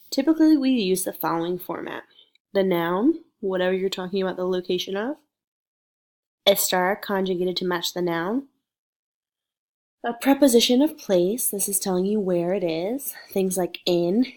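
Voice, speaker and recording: A woman, a Spanish teacher with a cold and sniffles, giving a patient, clearly explained recorded lecture. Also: medium pitch, a little mellow. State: sick with sniffles.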